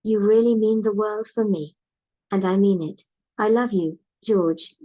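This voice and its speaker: A woman's voice: mid-range voice, a little slow, muffled recording. A woman's synthetic voice with a British accent, an AI companion giving short, repetitive affectionate replies.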